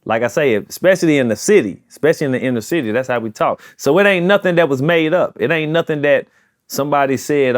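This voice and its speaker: A man's voice: medium pitch, fast, no echo, clean studio sound. A man in his forties with a St. Louis accent, talking casually as an interview guest and repeating phrases for emphasis. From St. Louis, USA.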